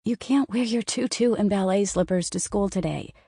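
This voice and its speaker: A woman voicing a harried, exasperated young mother of small children, talking in sharp, raised, clipped bursts. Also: mid-range voice, moderate pace, husky, no room sound, clean studio sound. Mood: pleading.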